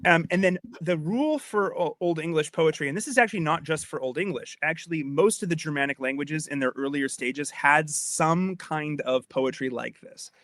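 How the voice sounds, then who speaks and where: A man's voice: a little high, moderate pace, few pauses, a bit bright, dry recording. A man giving a casual spoken lecture as a podcast host, chatty and a little tipsy from wine, often repeating and restarting his phrases and checking that his listener follows. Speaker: podcast host explaining Old English poetry.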